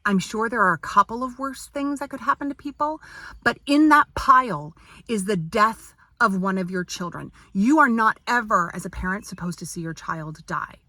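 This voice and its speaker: A woman's voice: mid-range voice, lively intonation, moderate pace, sharp tone, no room sound. A woman vlogger ranting to camera in an indignant, exasperated tone, firing off repeated rhetorical questions. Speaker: parent and business owner.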